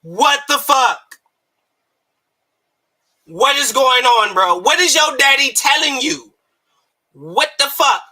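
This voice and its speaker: Man, high voice, piercing edge; heated profane boxing rant with bursts of shouting. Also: animated, slow, long pauses. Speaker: boxing commentator. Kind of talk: ranting commentary.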